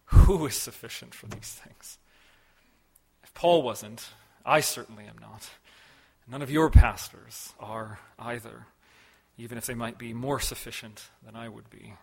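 A man preaches from the pulpit in a measured, earnest sermon voice. He leans hard on key words, then falls quiet and low at the ends of phrases. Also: fairly even intonation, creaky, husky. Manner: measured, emphatic delivery with sharp shifts between loud stresses and soft drops. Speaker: pastor.

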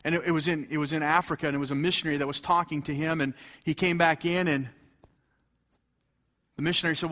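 Fervent high-voiced male preacher. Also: steady tone, fast talker. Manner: fervent, rises to loud exclamations and drops to hushed tones; reads scripture in King James English. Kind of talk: sermon.

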